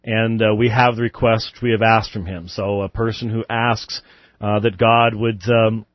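A man hosting a live call-in radio show, chatty and given to chuckling asides before he settles into steady Bible teaching. The sound is dry and a little dull, close to the mic with no room around him. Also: fairly low pitch, normal speed, no room sound.

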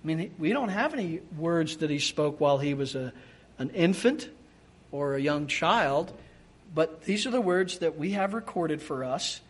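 A man preaching a sermon in a lively, animated way, often acting out quoted speech and restarting words as he thinks aloud. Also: on the high side, moderate pace. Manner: animated, acts out quoted speech in changed voices.

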